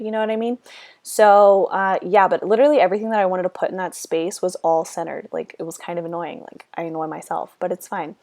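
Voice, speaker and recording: A woman's voice: medium pitch, mellow, dry recording, clean studio sound. Sassy, breathless young woman. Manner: sassy, rambling, chatty with slang. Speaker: vlogger. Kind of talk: casual voiceover chat. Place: her room.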